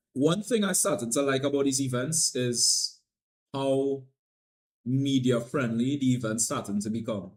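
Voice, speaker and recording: A young man with a Trinidadian accent chatting casually on a live stream, playful and loose, repeating lines and swinging between loud hype and low mumbling.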